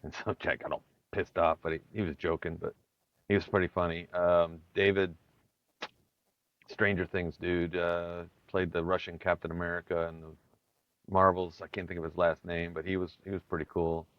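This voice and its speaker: Deep-voiced man, halting casual talk. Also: little pitch movement, no room sound. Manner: halting, many fillers and pauses. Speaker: guest, bass player. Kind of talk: casual interview chat. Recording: dry, slightly dull sound.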